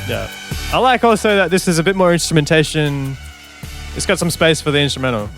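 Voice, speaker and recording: A man's voice: fairly high pitch, lively intonation, brisk, a bit bright, faint music behind. A man, a songwriter, giving casual, enthusiastic commentary on an album and scatting melodies as he talks. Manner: enthusiastic, chatty, hums and scats melodies. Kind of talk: casual music reaction commentary.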